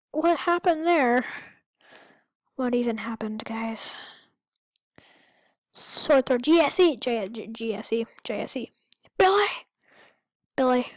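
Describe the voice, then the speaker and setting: Slow, goofy high-voiced gamer. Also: female voice, darkish tone, dry recording. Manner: goofy, rambling, sudden high-pitched outbursts. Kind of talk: let's-play commentary.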